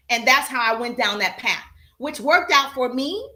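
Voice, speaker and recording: Southern female sales coach, animated and direct, echoey room. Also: sits high, moderate pace. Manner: animated, chatty, addresses audience directly. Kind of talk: live-stream coaching talk.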